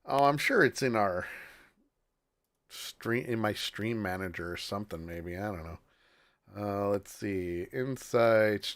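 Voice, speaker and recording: A man's voice: on the low side, clear, resonant tone. A man hosting a live-streamed talk show, chatting casually, laughing often and trailing off while he looks things up. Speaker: podcast host.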